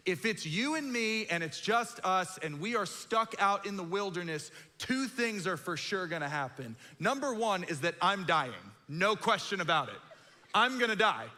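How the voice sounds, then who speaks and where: Animated self-mocking man preaching. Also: sits high, moderate pace. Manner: self-deprecating, animated storytelling. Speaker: pastor. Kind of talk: sermon storytelling. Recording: long hall reverb.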